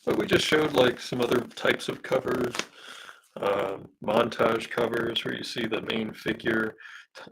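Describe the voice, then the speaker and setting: Hoarse, very raspy low-voiced man. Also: steady tone, unhurried, fairly bright tone, rough recording. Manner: rambling, hesitant, many fillers, reads out viewer comments. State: losing his voice from smoke. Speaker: comic artist streaming a live drawing session. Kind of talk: casual live-stream chat while drawing.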